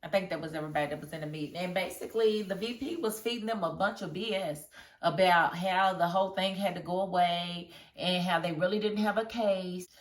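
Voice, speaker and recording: A woman's voice: fairly low pitch, brisk, distant mic. Chatty woman reviewer in an echoey room. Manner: chatty, laughs often, animated retelling. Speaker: TV episode reviewer. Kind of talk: casual review chat. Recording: roomy echo.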